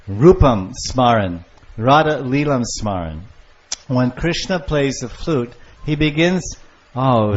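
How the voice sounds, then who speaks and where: An older man giving a devotional lecture on scripture, storytelling with lively acted-out voices. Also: medium pitch. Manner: animated storyteller, acting out lovers' calls. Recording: muffled lo-fi lecture recording.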